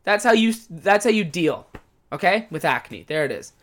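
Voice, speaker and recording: A man's voice: high voice, very animated, moderate pace, fairly bright tone. A man hosting a podcast, talking in a casual monologue, with a profane, exasperated, comic ranting manner. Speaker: podcast host.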